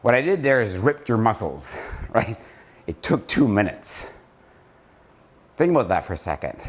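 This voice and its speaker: A company founder gives a casual motivational vlog talk, counting aloud as he leads viewers through slow push-ups, then reflecting on slowing down. He's a little out of breath and drops his voice low and soft to make his points.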